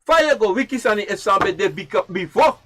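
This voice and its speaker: A man teaching about ancestral tradition, and his voice sits high for a man and leaps around constantly. He repeats phrases almost like a chant, and drops from loud, raised lines into near-whispers. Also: expressive, fairly quick. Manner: repetitive, chanting phrases, swinging from loud to hushed. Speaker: livestream speaker.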